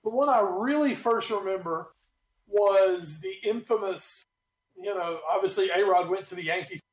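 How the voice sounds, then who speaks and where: A man co-hosting a sports podcast, talking in animated, rambling casual chat and swearing freely. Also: sits high, normal speed. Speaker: podcast co-host. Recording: roomy echo.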